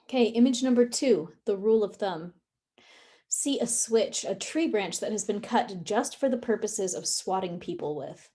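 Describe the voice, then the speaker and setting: A woman guides listeners through tapping and breathing in a calm, instructive voice. Her tone is mellow and warm, at a middle pitch. Now and then she slips in small fillers as she explains. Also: moderate pace. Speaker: guided emotional release session leader.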